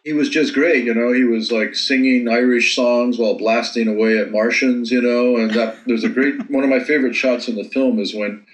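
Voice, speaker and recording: A man's voice: mid-range voice, steady tone, normal speed, reverberant, rough recording. A man with an American accent, a filmmaker talking casually in an interview, often repeating words as he thinks. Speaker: filmmaker guest.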